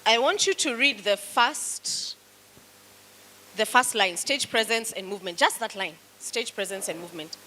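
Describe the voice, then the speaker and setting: A woman's voice: medium pitch, bright, forceful tone, slight background noise, rough recording. A woman with a Kenyan accent, teaching a public speaking class and coaching students through exercises in an encouraging way. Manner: slow, coaching, encouraging commands. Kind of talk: classroom instruction.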